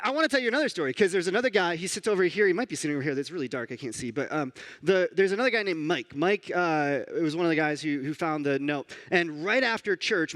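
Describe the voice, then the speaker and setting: A man's voice: a little high, a bit bright. A man preaching in a church, his voice sitting a little above the usual male range. He tells stories in a loose, conversational way, with restarts and asides. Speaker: pastor. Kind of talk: sermon. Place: church sanctuary.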